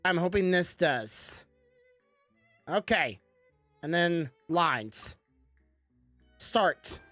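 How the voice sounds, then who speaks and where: A woman's voice: lowish voice, expressive, very slow, a bit bright, dry recording, faint music behind. A woman giving casual commentary while playing a game, chatty and self-mocking, stumbling as she reads the text aloud. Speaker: gaming streamer.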